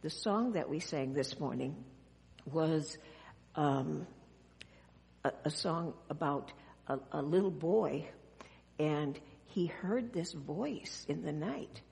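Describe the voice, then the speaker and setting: A woman pastor talks gently to children in a church sanctuary, often stopping to ask them questions. Her voice sits a little low. The sound carries a long, lingering church reverb. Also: expressive, takes it slowly, creaky, long pauses. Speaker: pastor giving a children's message. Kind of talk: children's sermon.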